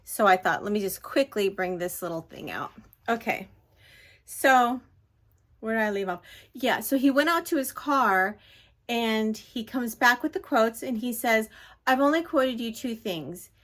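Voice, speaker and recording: A middle-aged woman talks into a phone held at arm's length, her voice sitting a little high. She rambles and apologizes as she vents, casual and chatty. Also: measured pace, a bit bright. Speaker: vlogger. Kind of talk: casual vlog chat. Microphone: handheld phone at arm's length.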